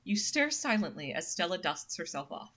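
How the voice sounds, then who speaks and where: A woman's voice: fairly low pitch, big pitch swings, moderate pace, sharp tone. A woman streaming a horror visual novel, chatting and reading the text aloud. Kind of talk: casual game narration.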